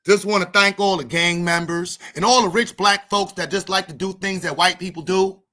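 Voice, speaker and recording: A man voicing a mocking country white man who slows his words and calls out like a preacher at a rally. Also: high-pitched, steady tone, bright, forceful tone. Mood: preachy. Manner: drawn-out preacher-style rally cries.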